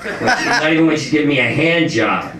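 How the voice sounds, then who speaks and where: A man voicing a bewildered old racist man in a low, puzzled mutter. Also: expressive, a little fast, close to an everyday voice. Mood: baffled. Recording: roomy club heard from afar with crowd.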